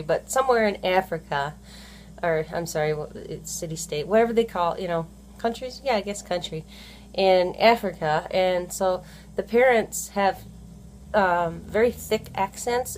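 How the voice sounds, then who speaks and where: This medium-pitched woman's voice carries a little hiss or hum. She's a stay-at-home mom doing a casual vlog, wandering off on tangents, correcting herself, and saying "you know" constantly.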